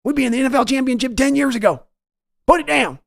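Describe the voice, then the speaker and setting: A man putting on the voice of a domineering older team owner who yells at and scolds his grown son. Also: very high-pitched, fast, vocal fry, dry recording, studio quality, voice pushed up. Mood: scolding.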